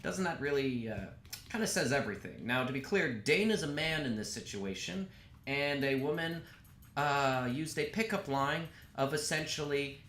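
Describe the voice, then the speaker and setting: A young adult male comedian doing a casual monologue to camera, dry and self-deprecating, with filler pauses. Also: medium pitch, animated, a bit bright. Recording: echoey room with faint background hiss.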